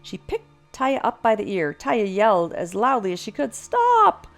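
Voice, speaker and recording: An older woman narrating a children's storybook aloud in an animated, expressive way. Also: mid-range voice, normal speed, faint music behind.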